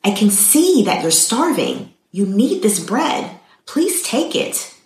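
A woman's voice: a little high, sing-song, slow pace, darkish tone, pitched above the performer's own voice. A woman doing an earnest pleading churchgoer. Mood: urging. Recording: roomy echo.

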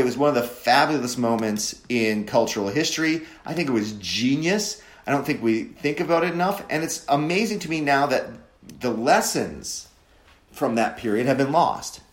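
Sardonic man in a roomy echo. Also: medium pitch. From Wisconsin, USA. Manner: sardonic, mocking, mimics voices for emphasis. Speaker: commentator. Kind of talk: opinionated monologue.

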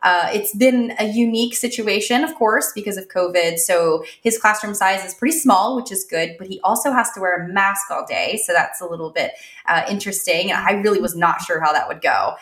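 Lively laughing woman telling stories. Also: medium pitch, fairly quick, reverberant. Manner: animated storytelling, laughs often. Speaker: podcast co-host. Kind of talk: casual chat.

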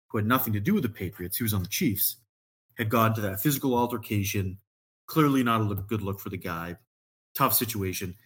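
Husky low-voiced man telling rambling stories. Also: a bit bright. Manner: rambling storyteller, heavy on "like", laughs often. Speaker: podcast guest. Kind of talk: casual chat.

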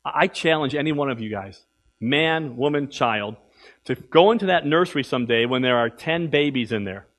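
A man preaching a sermon as pastor in a church, emphatic, swinging from loud exhortation to quiet asides. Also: medium pitch, expressive, moderate pace.

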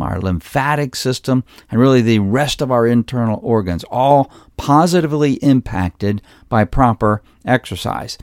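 Speaking in a medium-pitched, slightly mellow voice, this man in his fifties runs a health podcast on his own. He's a chiropractor who teaches earnestly, listing points in order, and the recording is studio quality without echo.

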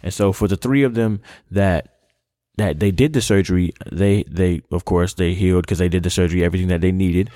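Low-voiced man, dry close sound. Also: fairly even intonation, a little fast, mellow, no echo. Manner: affirms with short interjections, then tells a story with emphatic conviction. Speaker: podcast co-host. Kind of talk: casual faith podcast chat.

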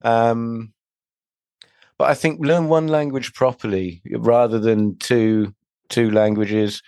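A man from the UK answering interview questions, halting, with many pauses and restarts. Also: medium pitch, steady tone, a little mellow, smooth, dry recording, studio quality.

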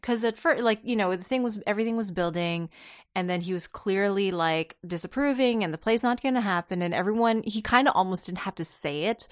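A woman's voice: mid-range voice, a little fast, no room sound, clean studio sound. A woman co-hosting a book podcast, eagerly retelling scenes in a casual, conversational way. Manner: enthusiastic, paraphrases the book in a conversational way. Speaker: podcast co-host. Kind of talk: casual book discussion chat.

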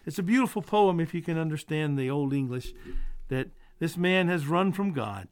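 A male preacher delivers a sermon in an earnest, measured voice that sits a little high for a man. He eases into soft, quiet endings as he wraps up each thought. The sound is dry and close, with no room echo. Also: animated, clear, resonant tone. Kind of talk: sermon with closing prayer.

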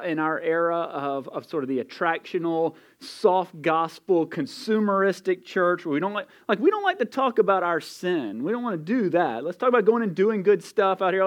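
A man delivering a sermon in a chatty, down-to-earth manner, leaning hard on his key points. His voice sits slightly higher than most men's. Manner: conversational, emphatic preaching with casual asides. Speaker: pastor. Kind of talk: expository sermon.

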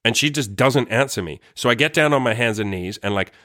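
A man's voice: medium pitch, lively intonation, fairly quick, sharp tone, no echo, clean studio sound. A young man telling a long personal story in a casual, rambling way, swearing often and saying "like" constantly, into a microphone. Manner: rambling, profane, heavy use of "like".

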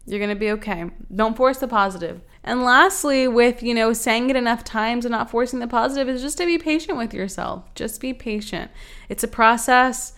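A woman's voice: on the high side, normal speed, a bit bright. A young woman hosting a self-help podcast, talking earnestly and rambling with many fillers. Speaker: podcast host. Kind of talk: casual self-help talk.

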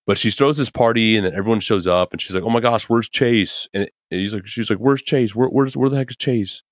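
A man's voice: lowish voice, no room sound, studio quality. A young man hosting a podcast, ranting casually about a TV show with lots of fillers and tag questions. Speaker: podcast host. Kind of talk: casual opinion monologue.

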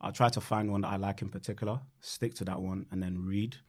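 A man's voice: deep voice, fairly even intonation, quick pace, darkish tone. A man chatting casually about acting work, laid-back and repeating words as he thinks. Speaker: actor guest. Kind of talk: casual chat.

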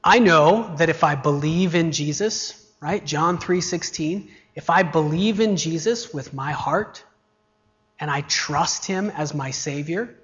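A middle-aged man preaching a sermon in an unhurried, deliberate way. His voice sits a little high, and he leans on rhetorical questions. The recording sounds dull and lo-fi. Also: fairly bright tone. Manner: rhetorical questions, varied emphasis. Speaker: pastor.

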